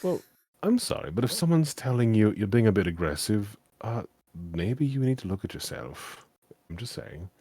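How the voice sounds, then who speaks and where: A man hosting a casual chat, with a big voice, telling lively stories and acting out the people in them. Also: fairly low pitch, moderate pace, breathy edge, no room sound. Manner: animated storytelling, acts out quoted people. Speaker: host.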